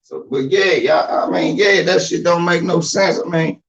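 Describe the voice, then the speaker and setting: A man's voice: sits high, normal speed, breathy edge, highs cut off. A man giving blunt, profane, streetwise advice in a casual monologue, acting out the voices of the people he talks about. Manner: acts out quoted voices of others.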